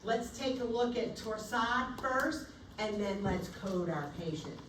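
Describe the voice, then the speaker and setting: A woman teaching a nursing class in a lively, theatrical way, acting out bedside scenarios as she lectures. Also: mid-range voice, a little slow, far from the mic, slight background noise. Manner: animated, theatrical, acts out scenarios. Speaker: nursing instructor. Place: lecture room. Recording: echoey room, recorded from afar.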